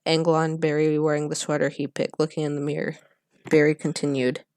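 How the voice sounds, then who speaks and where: A channel host reading a film script aloud in a deadpan monotone, stumbling over words and losing their place. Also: medium pitch, a little fast, dry recording, clean studio sound.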